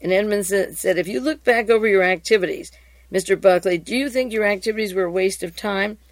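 A woman reads hearing transcripts aloud in a steady, mid-range voice. She then moves into her own commentary, with restarts. The sound is close and dry, with no room around it. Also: medium pitch, a little fast, no echo.

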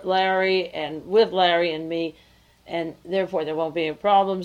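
A middle-aged woman broadcasting earnest, measured news commentary, reading from notes with pauses, on an old home tape. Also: fairly low pitch, darkish tone, rough recording. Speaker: radio broadcaster.

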